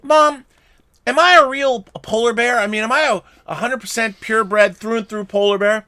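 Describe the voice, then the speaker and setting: A man voicing an anxious young male polar bear cub in a high, squeaky, pleading voice while telling a joke. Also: normal speed, bright, forceful tone.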